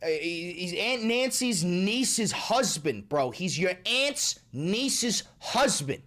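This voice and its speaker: Insistent older uncle, slow, repeats names; a streamer quoting him in his own voice. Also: sits high, very animated, bright, forceful tone, heavily acted. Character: his excited older uncle on the phone, man.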